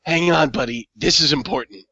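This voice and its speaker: A man's voice: fairly high pitch, fairly quick, bright, forceful tone, slight background noise. A man playing a cocky swaggering agent. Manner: swaggering, brushes off threats. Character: brash cocky male agent, self-styled badass. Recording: dull lo-fi sound.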